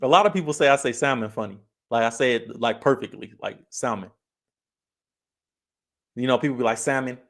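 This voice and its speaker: A man's voice: mid-range voice, quick pace, few pauses, fairly bright tone. A man from California hosting a casual livestream, laid-back, laughing often as he reads chat comments aloud. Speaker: livestream host.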